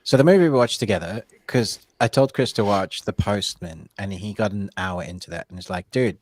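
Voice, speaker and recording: A man's voice: fairly low pitch, brisk, no room sound. A man from the UK co-hosting a live movie chat, playfully contrary and opinionated. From United Kingdom. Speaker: movie podcast co-host.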